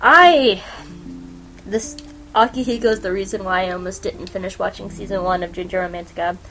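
A woman's voice: mid-range voice, a little fast, fairly bright tone, faint music behind, poor audio. A woman hosting a podcast, reviewing anime in a rambling, casual chat with many fillers and giggles. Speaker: podcast host.

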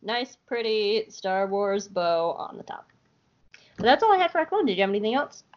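A woman's voice: mid-range voice, sing-song, moderate pace. A woman co-hosting a podcast, recapping an episode in a playful, irreverent way. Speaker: podcast co-host. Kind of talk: casual recap commentary. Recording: dull lo-fi podcast audio.

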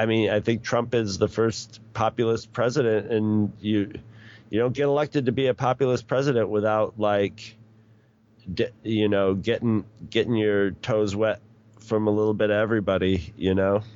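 A middle-aged man with a low voice talks in a loose, rambling way, often circling back and restarting his sentences. The recording is dull and lo-fi. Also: darkish tone. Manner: rambling, with many restarts and chuckles. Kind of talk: casual chat.

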